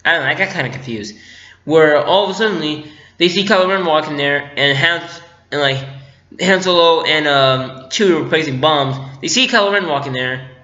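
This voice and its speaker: A man riffs through a casual movie review, joking, giggling and playing out scenes. His voice is bright and slightly high. The audio is dull and lo-fi, with a roomy echo. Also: moderate pace. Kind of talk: casual spoiler review vlog.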